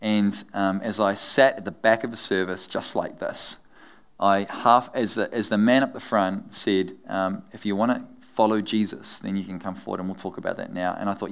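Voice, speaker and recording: This sermon comes from a middle-aged pastor whose low voice has vocal fry and moves at normal speed. He tells stories in an animated, humorous way, often laughing along.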